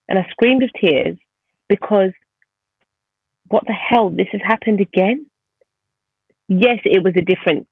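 A woman telling her own story as a podcast guest, vivid and animated. Her voice has a gravelly, fry-laden edge. The sound is tinny and phone-like, with a dry, close feel. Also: fairly low pitch, no echo. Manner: vivid, animated retelling of a painful event. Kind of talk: personal storytelling in conversation.

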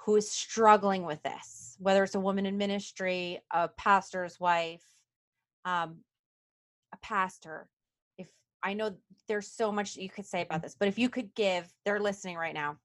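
A woman's voice: medium pitch, fairly even intonation, moderate pace. A woman hosting a ministry interview podcast, affirming and encouraging her guest. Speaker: podcast host.

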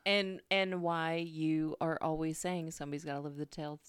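A woman's voice: low voice, flat delivery, normal speed, smooth. A woman co-hosting a podcast, reacting in short, amused exclamations. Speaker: podcast co-host. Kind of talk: casual chat.

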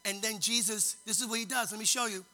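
A male preacher delivering a dramatic sermon in a very high, piercing voice. He swings between hushed storytelling and loud, sing-song exhortation. Faint music plays beneath him. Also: steady tone, quick pace.

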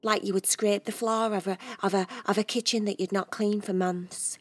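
A woman's voice: medium pitch, little pitch movement, normal speed, faint music behind, natural voice. A woman voicing a dramatic, exaggerating female cat in a children's bedtime story.

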